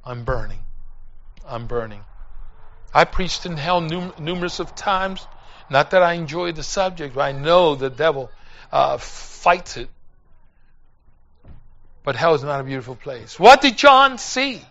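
A man's voice: a little high, expressive, measured pace, fairly bright tone, dull audio. A man preaching a sermon, telling a story with emotion and hammering points home through repetition.

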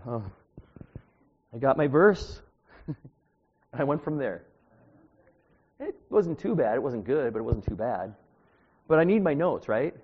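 Taking it slowly with long pauses, a very animated man in his sixties delivers an informal sermon full of personal stories, poking fun at himself and chatting with the congregation from the pulpit. His mid-range voice is slightly rough, and the church recording sounds dull and echoey.

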